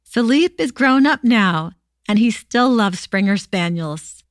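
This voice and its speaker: A woman hosting a podcast, reading true stories aloud in a steady, expressive way. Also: on the high side, slow, dry recording, clean studio sound. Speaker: podcast host.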